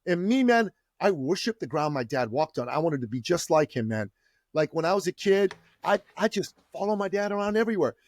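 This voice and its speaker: A man's voice: high-pitched, sing-song, a little fast, no room sound, studio quality. A man from Iran, a guest on a podcast, telling his story with a fervent, preacher-like delivery. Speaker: entrepreneur guest.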